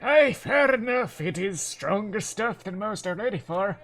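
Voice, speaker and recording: A man's voice: a little high, measured pace. A man voicing a jolly male dwarf food merchant with a thick accent, heartily listing his foods. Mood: hearty. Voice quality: thick hard-to-follow accent. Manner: hearty, loud, relishing each food item.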